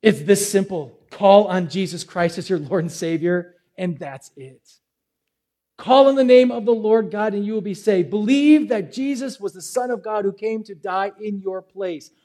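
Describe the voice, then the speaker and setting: Man preaching, high voice, mellow tone, earnest, rising and dropping volume. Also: normal speed. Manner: earnest, pleading, swings between loud and quiet. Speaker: pastor. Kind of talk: sermon. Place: church service.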